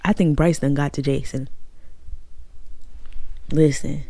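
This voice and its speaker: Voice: medium pitch, steady tone, slow, warm tone, no echo. A book reviewer giving a casual, gossipy, profane recap of a novel's plot, talking straight to viewers.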